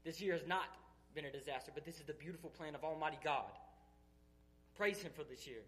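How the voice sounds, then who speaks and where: Give me an earnest, emphatic man with a slightly high voice giving a tearful church testimony. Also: a little fast, a bit bright. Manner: earnest, emphatic, building intensity.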